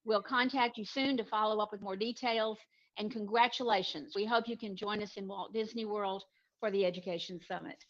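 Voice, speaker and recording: A woman of middle pitch reads out a formal award announcement in an upbeat tone, then loosens up a little. The sound is slightly dull, as if lo-fi. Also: steady tone, fairly quick. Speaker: event presenter announcing an award. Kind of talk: reading a prepared announcement.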